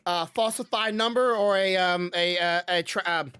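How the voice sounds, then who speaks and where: A woman co-hosting a podcast in casual chat, asking questions and pausing with fillers while she searches for words. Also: fairly low pitch, fairly bright tone, smooth, dry recording. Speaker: podcast co-host.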